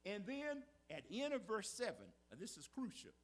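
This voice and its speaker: Preacher guy, high lively voice, keeps asking the church if they get it. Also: moderate pace. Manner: preaching with call-and-response asides, repetitive emphasis. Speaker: pastor. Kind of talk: sermon. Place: church sanctuary.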